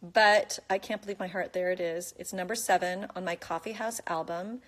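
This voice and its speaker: A woman's voice: lowish voice, fairly even intonation, moderate pace. A woman chatting casually into her phone, reading out and answering fan questions in a bubbly way. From United States. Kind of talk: casual chat.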